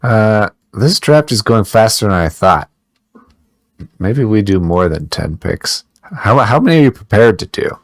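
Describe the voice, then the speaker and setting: A man's voice: on the low side, sing-song, unhurried, dry recording. A man co-hosting a podcast, chatting in a loose, rambling, joking way. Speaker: podcast co-host. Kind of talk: casual podcast chat.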